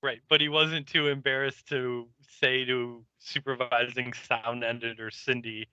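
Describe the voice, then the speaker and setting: A man co-hosting a podcast, explaining details and chiming in with quick agreement. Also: medium pitch, little pitch movement, sharp tone, smooth, dry recording. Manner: quick agreeing interjections, laughs along. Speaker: podcast co-host. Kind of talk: casual episode recap. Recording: muffled lo-fi mic.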